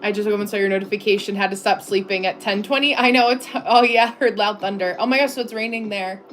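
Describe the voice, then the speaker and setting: A woman's voice: medium pitch, quick pace, faint music behind. A woman from the United States hosting a casual live stream from her home desk, chatting loosely with viewers, full of "like" fillers and frequent laughs. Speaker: livestream host.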